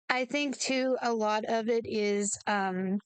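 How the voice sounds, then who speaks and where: A woman's voice: on the high side, clean tone, dry recording. A woman co-hosting a casual chat, adding brief, wry comments. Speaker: podcast co-host.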